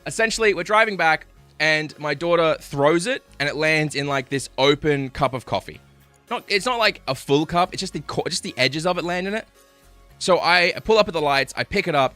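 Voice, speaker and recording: A man's voice: fairly high pitch, animated, normal speed, sharp tone, faint music behind. A young man telling stories on a live stream, swearing and laughing as he chats with viewers. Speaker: livestreamer. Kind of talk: casual live-stream storytelling.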